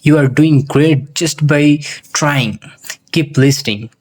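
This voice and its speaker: A man teaching English, telling a simple story in slow, deliberate narration with carefully spaced phrasing for learners. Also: on the high side, a little mellow.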